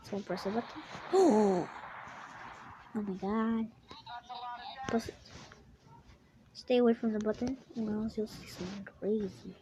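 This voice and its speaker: A young woman giving excitable gameplay commentary, gasping and exclaiming at what happens in the game. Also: medium pitch, moderate pace, pauses often, slight background noise, low-quality recording. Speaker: gaming YouTuber.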